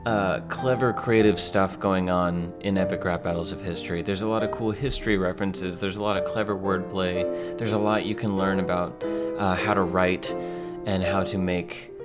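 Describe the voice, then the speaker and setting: A young man in his twenties rambles through casual commentary, swearing freely and tripping over his own restarts. His voice sits a bit low for a man. Clear music plays underneath him. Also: fairly even intonation, moderate pace. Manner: rambling, profane, self-deprecating, many restarts. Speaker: video essayist.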